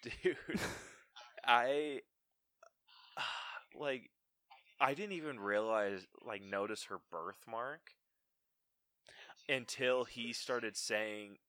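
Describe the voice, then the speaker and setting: A man co-hosting a podcast, chatting loosely about a film in casual slang that is quick to curse. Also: medium pitch, bright, forceful tone, dry recording. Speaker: podcast co-host.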